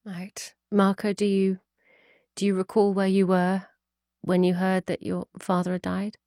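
A woman's voice: medium pitch, completely flat delivery, measured pace, mellow, no echo, clean studio sound. A woman interviewing a guest, hesitant and repeating words as she asks. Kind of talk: documentary interview.

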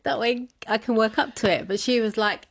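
A woman telling a personal story as an interview guest, laughing often and animated when quoting others. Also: on the high side, fairly quick, no room sound.

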